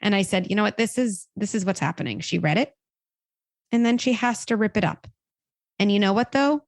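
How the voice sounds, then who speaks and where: Animated woman psychologist giving advice. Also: medium pitch, brisk, creaky, no room sound. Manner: animated, acts out quoted dialogue. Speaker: child psychologist guest. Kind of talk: conversational expert advice.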